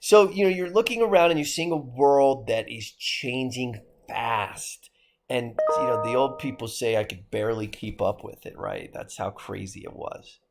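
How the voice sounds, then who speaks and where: A man's voice: mid-range voice, normal speed. A man with a Midwestern American accent giving a history lecture to his class, asking rhetorical questions as he goes. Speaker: history teacher.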